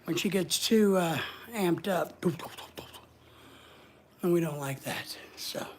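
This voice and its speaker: A woman with a lowish voice hosts a casual livestream, taking it slowly as she rambles and reads viewer comments aloud. There's a little hiss or hum in the recording.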